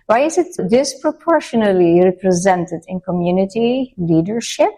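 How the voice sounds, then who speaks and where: A woman asks questions in a casual interview. Her voice is mid-pitched and ordinary. She talks freely in loose, slightly unusual phrasing and laughs easily. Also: lively intonation, normal speed, warm tone, poor audio.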